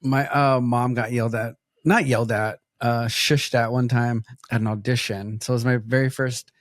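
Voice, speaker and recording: A man's voice: medium pitch, fairly even intonation, moderate pace, no room sound, clean studio sound. A man co-hosting a podcast in casual chat, often laughing as he tells stories. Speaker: podcast co-host.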